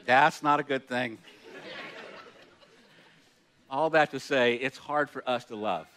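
A man's voice: mid-range voice, moderate pace, sharp tone. A middle-aged man preaching a sermon as pastor, chatty and self-deprecating, laughing often and restarting his words. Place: church hall.

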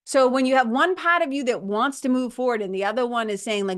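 A woman's voice: on the high side, lively intonation, a little fast, hardly any pauses, fairly bright tone. A woman hosting a self-help show, talking animatedly, laughing often and restarting her sentences. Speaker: podcast host. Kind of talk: self-help talk monologue.

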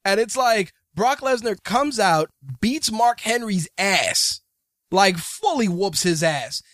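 A man's voice: high voice, lively intonation, slow pace, a bit bright, no room sound, studio quality. A man hosting a podcast, ranting in profane casual banter. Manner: ranting, swearing, mocking. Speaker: podcast host.

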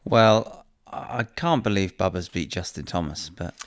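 A deep-voiced British man co-hosts a relaxed chat. His voice is gravelly yet smooth. He muses aloud, often hesitating and starting over, and sounds close and dry. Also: a little slow, no room sound. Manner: musing, hesitant, with restarts. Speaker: podcast co-host, professional golfer. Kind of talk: casual chat.

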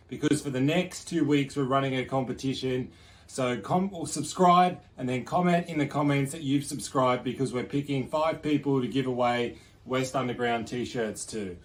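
A man hosting a casual interview, joking and laughing often. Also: mid-range voice. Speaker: host.

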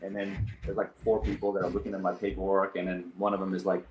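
A man in his thirties, a guest on an interview show, telling stories in an animated, rambling way with many fillers. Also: sits low, fast talker. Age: 30s. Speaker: guest, business owner and coach. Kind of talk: casual storytelling interview. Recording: roomy echo.

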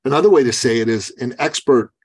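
A middle-aged man, a business coach, answering interview questions with energetic storytelling, acting out quoted dialogue. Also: fast, husky. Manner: animated, acts out quoted dialogue in a higher voice.

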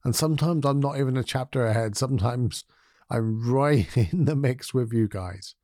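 A man hosting his own podcast, talking in a gentle, candid way and thinking aloud. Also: mid-range voice, normal speed, no echo, studio quality. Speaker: podcast host. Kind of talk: reflective solo podcast talk.

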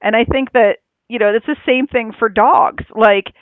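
Co-host, mid-pitched, reflective and casual, thin phone-like dry sound. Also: steady tone, normal speed, no echo. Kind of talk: casual chat. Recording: tinny phone-like line, dry.

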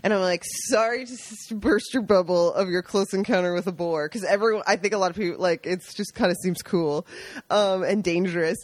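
A woman's voice: fairly low pitch, fairly quick, no echo. A woman co-hosting a podcast, chatting casually and acting out quotes as she tells stories. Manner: animated storyteller, acts out quotes. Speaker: podcast co-host. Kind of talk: casual chat.

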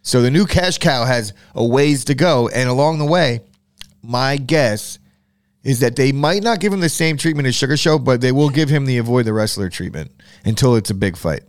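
A man's voice: medium pitch, lively intonation, moderate pace, clear, resonant tone, no echo, clean studio sound. A man hosting a casual podcast chat, joking and swearing freely. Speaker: podcast host.

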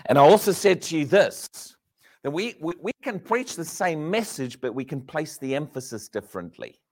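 Male preacher, high and lively pitch, sermon full of rhetorical questions, shifting between loud and hushed lines. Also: moderate pace.

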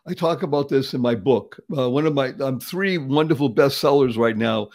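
A man's voice: medium pitch, normal speed, a little mellow. A man in his seventies from the Boston area, talking as an interview guest in an emphatic, upbeat motivational style, repeating words for effect and laughing often. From Boston area, USA. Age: 70s.

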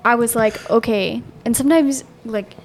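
Female podcast co-host, loud, animated, higher voice, faint background hiss. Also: normal speed. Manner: loud and animated, acts out quotes. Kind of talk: casual chat.

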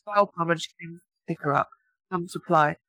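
Creaky-voiced woman chatting with her partner. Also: lowish voice, brisk, fairly bright tone, dry recording. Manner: chatty, laughs at her own stories. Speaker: podcast co-host, new mother. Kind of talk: casual chat.

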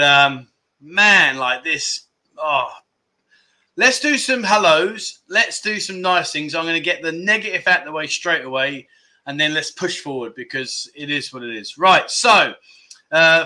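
A man's voice: a little high, pushed and bright. A man hosting a casual livestream, chatting and joking as he greets viewers by name and reads out their comments. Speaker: livestream host. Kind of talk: casual live chat, reading viewer comments.

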